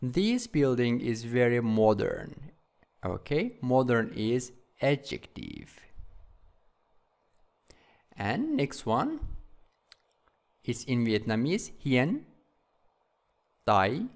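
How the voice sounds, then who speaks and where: A male English teacher leads a classroom vocabulary tutorial in a patient, slow drilling style, repeating each word several times. He's unhurried with an animated pitch, and friendly, checking in with "okay?"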